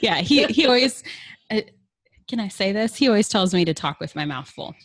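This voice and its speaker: A woman's voice: medium pitch, expressive, a little fast, a crowd in the background. A middle-aged woman from Kentucky with a Southern accent, chatting candidly and playfully as a podcast guest, often laughing. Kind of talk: frank casual chat.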